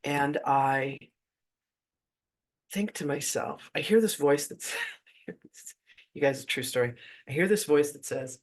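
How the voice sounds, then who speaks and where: A man's voice: a little high, takes it slowly, long pauses. A man telling a personal spiritual story in a casual, chatty way, full of "like" asides. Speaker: spiritual teacher.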